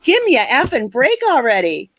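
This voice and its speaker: A woman's voice: sits high, wildly swooping pitch, moderate pace, no echo. An older American woman co-hosting a podcast, talking in a blunt, angry, emphatic way. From United States. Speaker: podcast co-host. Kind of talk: passionate opinion chat.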